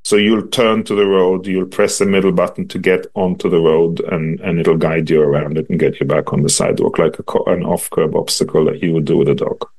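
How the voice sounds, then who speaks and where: A man giving patient, measured interview answers about a device he designs, often pausing on ums and restarting phrases. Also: sits low, little pitch movement, darkish tone.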